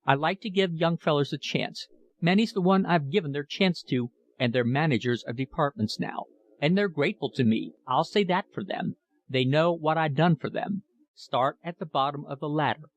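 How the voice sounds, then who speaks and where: A man voicing a pompous, talkative shop manager with a Cockney accent and a high, metallic voice. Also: normal speed.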